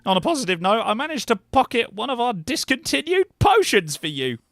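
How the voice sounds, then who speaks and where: A man voicing a weary, polite woman mage and potion brewer in a higher put-on voice with a questionable accent, chatty and dry. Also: very animated, brisk, gravelly, fairly bright tone, dry recording, exaggerated voice. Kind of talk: voicing characters in a cozy narrative game.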